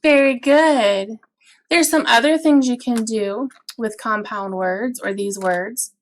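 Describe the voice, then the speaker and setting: A woman teacher explaining early reading games for parents in an instructional video, patient and clear, drawing out example words. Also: fairly high pitch, slow pace.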